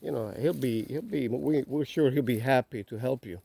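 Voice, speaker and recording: A man telling a story on a walk, relaxed, with many filler phrases. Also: medium pitch, normal speed, vocal fry, slightly rough. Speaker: vlogger. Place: outdoors on a nature walk.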